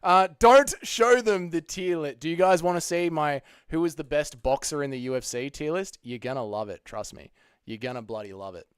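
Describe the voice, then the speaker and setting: A man's voice: on the high side, normal speed, clean tone, no room sound, studio quality. A young Australian man hosting a casual livestream, reading the chat aloud, joking and swearing freely. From Australia (Melbourne). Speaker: MMA channel host.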